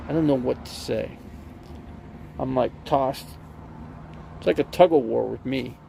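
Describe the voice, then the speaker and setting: A man's voice: medium pitch, measured pace, gravelly, dark tone, slight background noise. A man streaming from an RV, chatting casually and rambling through stories with lots of fillers and restarts. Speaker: live streamer.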